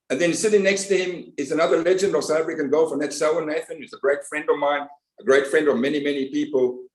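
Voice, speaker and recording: Enthusiastic male host in a roomy space. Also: medium pitch. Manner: enthusiastic, full of praise. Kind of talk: introducing a guest on a talk panel. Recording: roomy echo.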